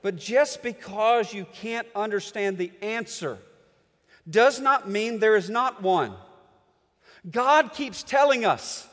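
A middle-aged man preaching a sermon, reading scripture dramatically and swinging between booming passages and hushed ones. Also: slow pace. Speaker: pastor. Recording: long hall reverb.

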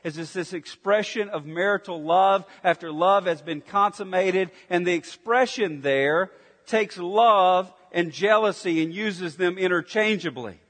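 A man preaching a sermon, emphatic, dropping to intense near-whispers and rising to forceful declarations. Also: high-pitched, measured pace. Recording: long hall reverb.

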